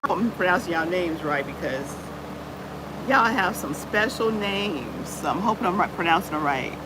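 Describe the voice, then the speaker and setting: A woman's voice: on the low side, lively intonation, normal speed, background noise. A woman hosting a casual live chat on her channel, greeting viewers by name and peppering her talk with "y'all". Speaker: livestream host.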